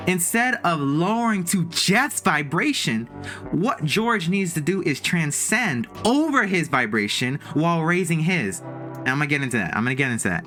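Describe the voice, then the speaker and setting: A woman's voice: deep voice, very animated, moderate pace, a bit bright, soft background music. A woman livestreaming from a room at home, giving casual motivational talk to her chat in an emphatic, playful way with swooping exclamations. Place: room in a house.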